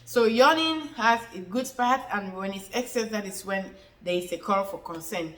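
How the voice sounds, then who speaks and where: A woman's voice: mid-range voice, normal speed, echoey room, poor audio. A woman giving a casual health explainer, repeating herself often, with many fillers and chatty asides.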